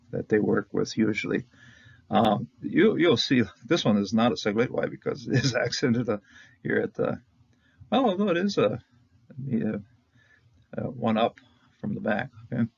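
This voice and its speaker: Chuckling man with a gravelly low voice. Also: dry recording, muffled recording. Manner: chatty, with chuckles and frequent "uh" and "okay?". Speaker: Hebrew grammar teacher. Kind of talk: informal lecture.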